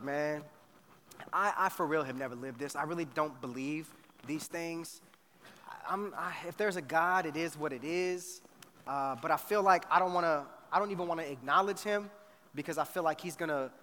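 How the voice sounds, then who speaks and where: A middle-aged man preaching a storytelling sermon, animated and slangy, acting out both sides of a conversation. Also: fairly high pitch. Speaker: pastor. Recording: faint noise, long hall reverb.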